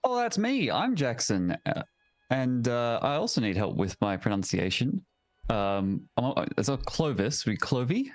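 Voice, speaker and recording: A man's voice: medium pitch, big pitch swings, a little slow, no room sound. A man, a player in a tabletop game, introducing his character with wry, dry humor. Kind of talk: casual chat.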